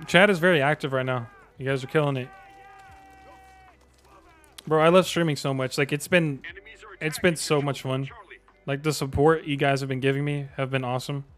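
A young man streaming a game live, chatting to viewers in slang and bursting into excited yells. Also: mid-range voice, moderate pace, pauses often.

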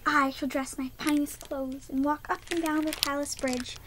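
A woman's voice: high-pitched, flat delivery, moderate pace, noisy background, voice pushed up, natural voice. A woman voicing a vain young beauty in a read-aloud storybook, haughty and drawn out.

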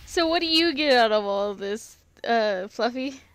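A woman's voice: fairly high pitch, animated, unhurried, a bit bright. A woman chatting with a friend, curious and talkative, filling her speech with "like", feeling cold. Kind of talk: casual chat.

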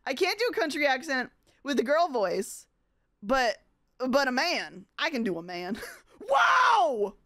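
High, giggly woman streamer. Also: big pitch swings, normal speed, fairly bright tone, no echo, clean studio sound. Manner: giggly, laughs often. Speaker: VTuber streamer. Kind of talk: casual live-stream chat.

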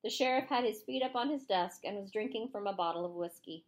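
A woman narrating a chapter of a novel aloud, expressive storytelling reading. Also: medium pitch, brisk. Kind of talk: audiobook reading.

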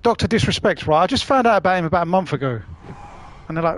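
A man's voice: sits high, animated, fast talker. Chatty man streaming a game. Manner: chatty, laughs often, swears casually. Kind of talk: casual live-stream chat while playing.

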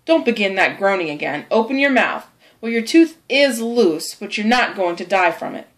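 A woman voicing a stern, soft-hearted older aunt who scolds briskly. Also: medium pitch, lively intonation, natural voice. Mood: scolding.

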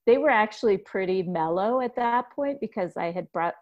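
A woman hosting a podcast interview over a video call, chatty and quick to laugh. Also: mid-range voice, expressive, a little mellow, dull audio. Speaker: podcast host. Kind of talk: casual interview chat.

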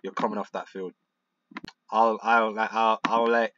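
A young man commentating on a football management game, frustrated and excitable, muttering one moment and shouting the next. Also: lowish voice, a little slow, highs cut off, a little hiss or hum. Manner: frustrated, excitable, swings between muttering and outbursts. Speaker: gaming YouTuber.

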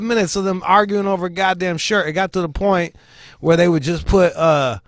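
Profane, animated male show host. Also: high-pitched, moderate pace. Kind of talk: casual podcast chat.

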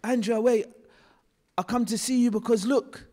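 A man playing a scruffy, humble homeless man who asks meekly and speaks with earnest gratitude. His voice sits fairly high and trails off into a long hall reverb. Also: fairly even intonation, normal speed, dark tone. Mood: eager, grateful. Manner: earnest, pleading.

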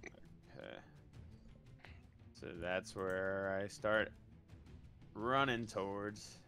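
A man with a gravelly, low voice plays a tabletop game, talking slowly in slangy, laid-back banter. Faint music plays behind him. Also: fairly even intonation, pushed and bright. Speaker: player. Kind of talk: casual tabletop game play.

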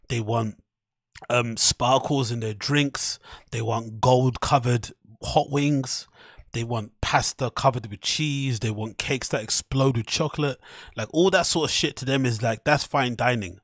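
Casual swearing podcast host, husky voice. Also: male voice, medium pitch, no room sound, studio quality. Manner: animated, swearing, laughing, mocking quotes. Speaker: podcast host reacting to clips. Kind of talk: casual commentary.

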